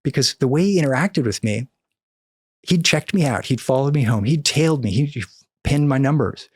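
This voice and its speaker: A middle-aged man from the American Midwest, guest on a podcast interview, telling a story with animated acted-out dialogue. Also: medium pitch, moderate pace, slightly rough, no room sound, clean studio sound. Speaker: podcast guest, cannabis activist.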